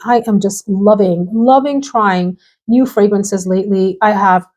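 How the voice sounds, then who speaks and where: Brief: woman perfume vlogger, bubbly, chatty, quick laughs, casual to-camera talk at home. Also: medium pitch, darkish tone. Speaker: fragrance reviewer. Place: home room with perfume shelves behind.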